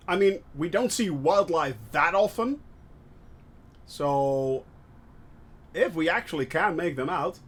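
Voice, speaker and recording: A man streaming a flight simulator, chatting through his flight with lots of fillers and bursts of excitement. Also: a little high, slow pace, pauses often, slightly rough. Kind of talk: live gameplay commentary.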